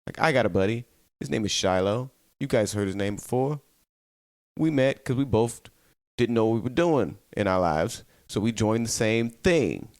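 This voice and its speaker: A tired man hosting a solo podcast, chatting casually, laughing often and slipping into quick quoted voices. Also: fairly low pitch, animated, dry recording, clean studio sound. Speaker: podcast host.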